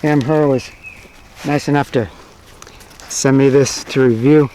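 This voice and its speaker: A man hosting a bushcraft channel, giving a relaxed, plain-spoken gear review and listing items one by one. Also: mid-range voice, a little slow, background noise. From United States.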